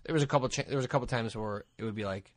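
Give me a man joking fast in podcast banter, dry close mic. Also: on the low side, no echo. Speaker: podcast co-host. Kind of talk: casual chat.

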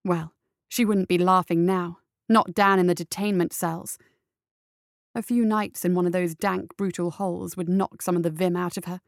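A woman narrating a story in a steady, measured reading voice. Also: lowish voice, no echo, studio quality.

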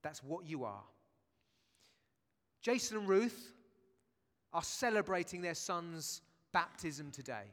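A man's voice: a little high, animated, slow, long pauses, a bit bright. A man preaching a sermon in a church, chatty and jokey, with asides to the congregation. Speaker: pastor. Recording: long church reverb.

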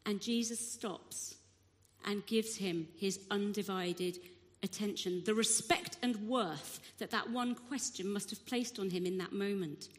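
A woman giving a sermon, telling a Bible story with expressive delivery and acting out the crowd's voices. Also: medium pitch, measured pace. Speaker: preacher. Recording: long hall reverb.

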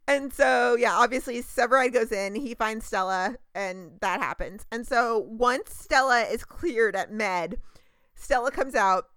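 A woman recapping a TV show on a podcast, gushing and animated, full of casual fillers. Her voice sits a bit high. It is recorded dry and close to the mic. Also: unhurried, no echo. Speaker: podcast co-host.

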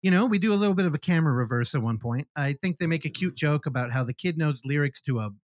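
A man's voice: fairly high pitch, expressive, fast talker, no echo. A man casually recapping a film on a podcast, animatedly acting out the characters' lines and swearing freely. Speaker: podcast host. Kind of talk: casual movie review chat.

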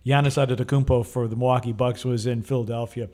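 A man's voice: medium pitch, fairly even intonation, fast talker, a little mellow. Stammering chuckling man from Wisconsin. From Wisconsin, USA. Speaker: podcast co-host, TV sportscaster. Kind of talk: casual chat.

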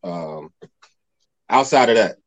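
A man's voice: on the low side, animated, slow, poor audio. A man in his thirties hosting a podcast, talking bluntly and casually with a lot of swearing. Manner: blunt, profane, joking. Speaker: podcast host.

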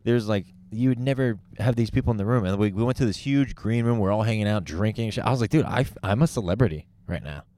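A man with a low voice tells a rambling, profane story on a casual comedy podcast. He trips over his words and restarts often, with the loose energy of friends chatting. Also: fast, hardly any pauses, mellow, slight background noise. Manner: rambling storyteller, swears a lot, many restarts. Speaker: podcast co-host.

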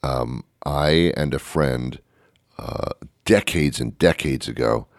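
An older man with an extremely deep voice hosts a radio talk segment. He rambles and restarts his sentences as he spins a story. The sound is close and dry, with no room echo. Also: a little mellow. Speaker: radio host.

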